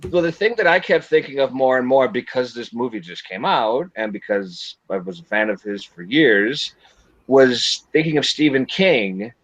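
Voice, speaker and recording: A man's voice: medium pitch, moderate pace, no room sound. A man hosting a casual film review livestream, talking bluntly with lots of swearing and acting out quotes. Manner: blunt, profane, animated, acts out quotes. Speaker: podcast host reviewing a film. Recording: dry, dull lo-fi livestream audio.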